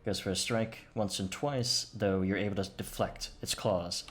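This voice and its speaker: A man narrating combat turns as game master, quick and matter-of-fact. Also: on the low side, fairly even intonation, a bit bright, faint music behind. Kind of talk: running a tabletop game.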